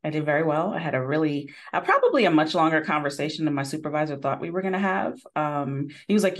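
A woman hosting a podcast in casual chat, telling stories with lively acted-out quotes. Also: low-pitched, fast, few pauses. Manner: lively storytelling, acts out quotes. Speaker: podcast host.

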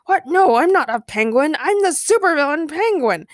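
A woman voicing a pompous, shouty male supervillain in a read-aloud fan story. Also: on the high side, very animated, normal speed, dry recording, studio quality. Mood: indignant. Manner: shouty and self-important.

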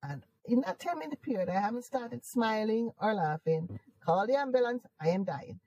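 A Jamaican woman being interviewed, her husky, mellow voice leaping about in pitch as she talks with bubbling enthusiasm. She laughs readily and leans on her words for emphasis, recorded close in a dry space. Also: moderate pace, no echo, low-quality recording. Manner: animated, laughs often, emphatic and upbeat. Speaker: interview guest. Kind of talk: casual conversational interview.

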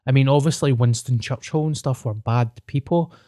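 A young Scottish man chats casually and tells stories, dropping in the odd swear word. His voice sits at a middle pitch, and his delivery is loose and conversational. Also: moderate pace, dark tone. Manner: chatty, storytelling, sweary. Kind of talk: casual chat.

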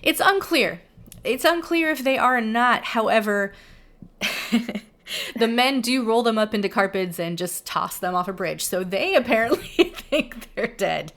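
A woman's voice: fairly high pitch, animated, unhurried, fairly bright tone. A woman casually recapping a film's plot with amused asides, laughing often. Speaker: podcast co-host. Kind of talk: casual film discussion.

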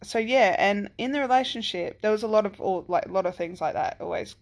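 Woman in her 30s or 40s rambling thru a personal story, gravelly fry, lots of likes and ums, swears a bit. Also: mid-range voice, brisk. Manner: rambling, full of "like" and "um", swears freely. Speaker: single parent telling a personal story.

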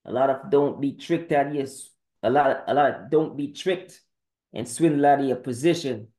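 Mellow-voiced man rattling off scripture. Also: mid-range voice. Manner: terse, rapid-fire verse citations, confrontational. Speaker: podcast preacher. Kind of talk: scripture-citing sermon monologue.

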